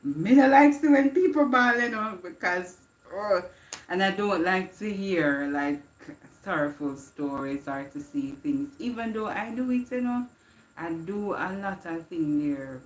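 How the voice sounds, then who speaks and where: Slow, low-voiced woman. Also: lively intonation, echoey room. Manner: reflective, slips into patois, laughs often. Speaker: livestream host. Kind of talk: casual inspirational chat.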